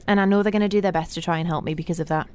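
A woman presenting on a radio show, telling animated, laughing anecdotes in a chatty way in a studio. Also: lowish voice, racing, clean tone. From Britain.

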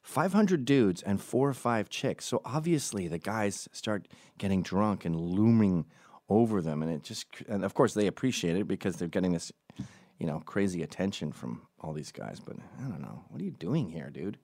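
A man's voice: low voice, lively intonation, moderate pace, darkish tone, no room sound, clean studio sound. A man hosting a podcast who talks through a casual comic monologue in a profane, rambling and sarcastic way.

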